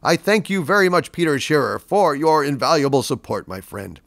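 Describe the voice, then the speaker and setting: Rambling, stammering man with a lively pitch. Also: normal speed, gravelly, no echo, studio quality. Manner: rambling, stammers and repeats words, swears casually. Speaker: livestream host reading viewer donations. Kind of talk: casual unscripted chat.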